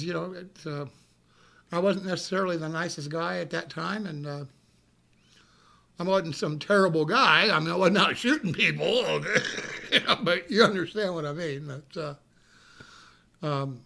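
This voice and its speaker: Gravelly high-voiced man telling a story. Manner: animated, swears freely, laughs while telling. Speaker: live stream host telling a story. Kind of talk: casual storytelling.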